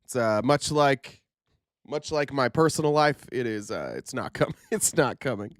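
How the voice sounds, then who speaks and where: A man hosting a casual political commentary livestream, sarcastic and animated, his voice stuffed up from a sinus infection, jumping higher when he gets indignant. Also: normal speed, no room sound, clean studio sound. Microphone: livestream camera setup.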